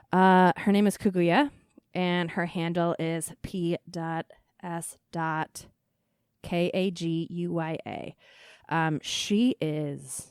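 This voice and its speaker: A woman's voice: sits low, a little mellow, no room sound, clean studio sound. A woman in her thirties hosting a casual chat, laughing often and using lots of fillers. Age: 30s. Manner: laughing, chatty, self-deprecating with lots of fillers. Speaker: podcast host.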